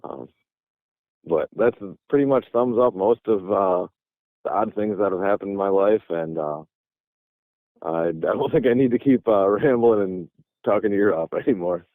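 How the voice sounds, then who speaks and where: A man's voice: lowish voice, normal speed, no echo. A man from Michigan, a guest telling a long story in a casual, rambling way with many restarts, calling by phone from a parking lot. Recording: tinny phone line.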